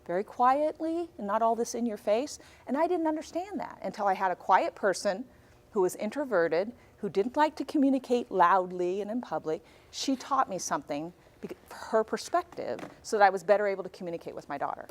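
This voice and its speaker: A woman in her forties speaks as a guest in a classroom. She tells stories with energy and acts out what people said, at a middle pitch. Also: a little fast. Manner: animated storyteller, acts out dialogue. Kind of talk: classroom talk to high school students.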